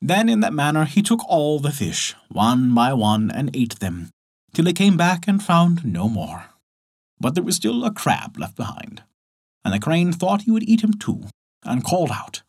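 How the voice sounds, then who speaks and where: A man narrating a folktale as the show's storyteller, reading in an expressive storytelling manner. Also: fairly high pitch, moderate pace, husky.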